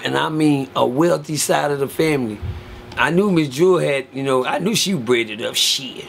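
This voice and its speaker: Man, casual storyteller; raised voice, gravel in it, colorful and crude, animated. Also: on the high side, moderate pace, slight background noise. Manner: profane, animated, acts out other people's lines in a raised voice.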